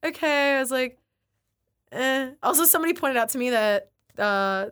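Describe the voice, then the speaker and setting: A young woman in casual podcast chat, her voice sitting a touch high. She talks in a loose, chatty way, leaning on "like" constantly and animating the stories she retells. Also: expressive, quick pace, a bit bright, clean tone.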